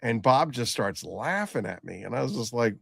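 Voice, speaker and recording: A middle-aged man, a nurse and former paramedic, telling a blunt story in casual conversation, halting and full of restarts. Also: medium pitch, lively intonation, creaky, fairly bright tone, breathy edge, no room sound, clean studio sound.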